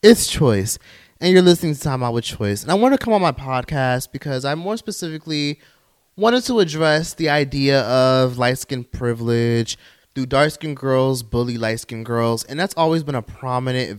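A male podcast host who talks in a lively, animated way with pitch that swings a lot. He is sassy and exclamatory, like a casual commentary show.

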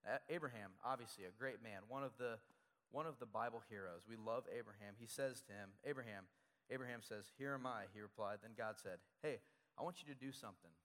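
A man's voice: fairly low pitch, brisk, a bit bright, big-room sound. A man preaching a sermon as pastor, talking conversationally and repeating key phrases for emphasis.

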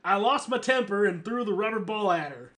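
A man voicing a hot-tempered young boy in a comedic dramatic reading, defensive and quick to laugh. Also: high voice, animated, fairly bright tone.

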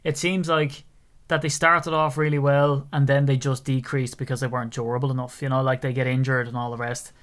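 A man's voice: mid-range voice, flat delivery, fairly quick, a bit bright. A man with an Irish accent co-hosting a podcast, rambling and joking in casual sports chat. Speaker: podcast co-host.

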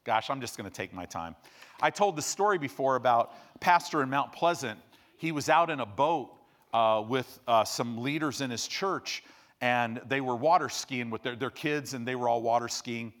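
Animated preacher telling stories. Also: male voice, moderate pace. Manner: animated storyteller, swings between loud bursts and low hushed asides. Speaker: pastor. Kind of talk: sermon storytelling.

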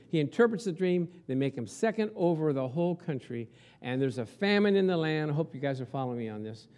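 A pastor delivers a chatty, conversational sermon, weaving in a story and tossing rhetorical questions to the congregation. His male voice is fairly high and darkish in tone, animated and fairly quick.

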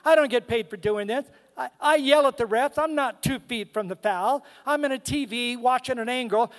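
A man's voice: extremely high pitch, moderate pace, hardly any pauses, fairly bright tone, long reverb tail. A man preaching a sermon as a guest speaker, humorous and emphatic, calling out to the congregation in a church. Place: church sanctuary.

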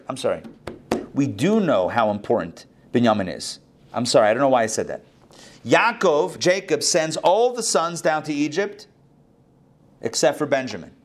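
A man teaching a live Torah class as a rabbi, telling the story with lively voiced dialogue and frequent restarts. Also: medium pitch. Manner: animated, acts out biblical dialogue with many restarts.

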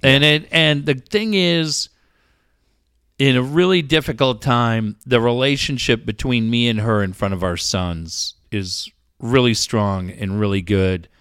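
A man's voice: medium pitch, a little slow, fairly bright tone, clear, resonant tone, dry recording, studio quality. A man from the San Diego area in casual chat, ranting with profane mock anger.

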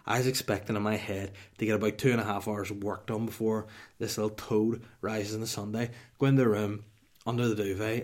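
A man's voice: lowish voice, little pitch movement, brisk. A man, telling rambling, profane comic stories as a podcast host. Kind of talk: comic storytelling.

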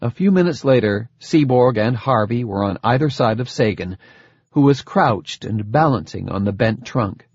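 A man narrating an audiobook in a measured storytelling manner. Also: medium pitch, lively intonation, a little mellow, breathy edge, no echo. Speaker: audiobook reader. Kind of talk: scripted narration. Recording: dull dry lo-fi recording.

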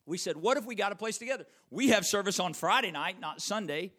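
A middle-aged man preaching a sermon, telling a personal story and swinging from loud emphatic peaks to hushed, near-whispered lines. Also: high-pitched, animated, fast talker. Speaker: pastor.

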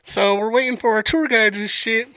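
A man casually telling a profane, animated story as a podcast co-host. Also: sits high, normal speed, clean tone, no room sound, clean studio sound.

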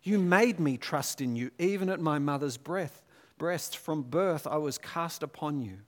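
A man preaching a sermon, moving between hushed, slow passages and raised, intense scripture readings. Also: on the high side.

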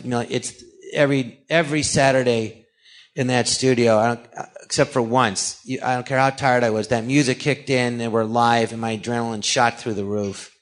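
Male guest, middle-aged, animated raconteur who acts out every quoted line. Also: medium pitch. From California. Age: 40s or older. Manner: animated storyteller acting out quoted dialogue. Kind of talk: anecdotal storytelling.

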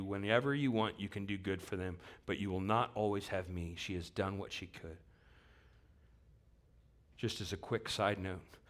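A man preaching a sermon, earnest and repeating key phrases for weight, rising to emphatic bursts as he reads scripture aloud. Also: sits low. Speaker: pastor.

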